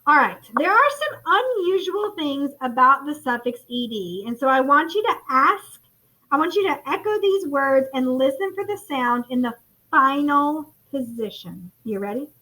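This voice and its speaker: Calling her first graders friends, an American woman leads an encouraging phonics lesson captured in a low-quality classroom recording. Her high voice swings widely in pitch, with a sharp tone and moderate pace.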